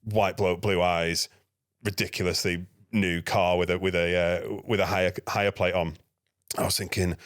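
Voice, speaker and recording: A man, a podcast guest, telling a lively anecdote and acting out his own dialogue. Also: low voice, fairly quick, dry recording, clean studio sound. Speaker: guest, NGO security manager. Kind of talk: casual podcast storytelling.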